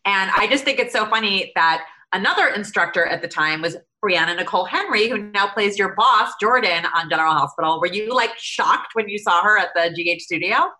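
Woman, podcast host, bright voice, playful interviewer. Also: medium pitch, lively intonation, brisk, few pauses. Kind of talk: interview questions.

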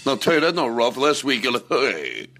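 A man impersonating a put-upon older comedian, rambling in rapid patter full of "I'll tell you.". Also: medium pitch, wildly swooping pitch, a bit bright, soft background music. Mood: complaining. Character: fast-talking put-upon older comic, male, nervous patter.

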